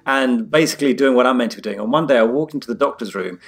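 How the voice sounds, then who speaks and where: A man's voice: medium pitch, quick pace. A man, a doctor, telling a work anecdote in casual chat and acting out the voices of the people in it. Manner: animated, acts out quoted voices. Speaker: doctor, podcast co-host.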